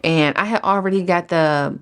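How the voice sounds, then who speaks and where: A woman, a salon owner, giving an earnest personal faith testimony in an interview, telling her story in an animated way. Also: fairly low pitch, normal speed, clean tone.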